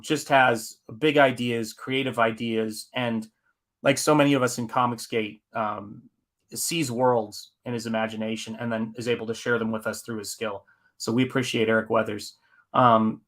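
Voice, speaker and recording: Male streamer, bright tone, rambling and chatty while reading chat. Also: mid-range voice. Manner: rambling, reads chat aloud with fillers. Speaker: comic artist hosting a live stream. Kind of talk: casual live-stream chat.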